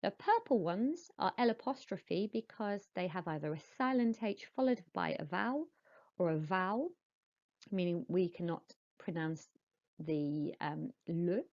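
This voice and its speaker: A woman teaching French to young pupils, modelling each word slowly and clearly and explaining in patient, encouraging teacher talk. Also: lowish voice, lively intonation, darkish tone, lo-fi sound. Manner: slow, clear modelling of words for pupils to repeat. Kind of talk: recorded classroom lesson.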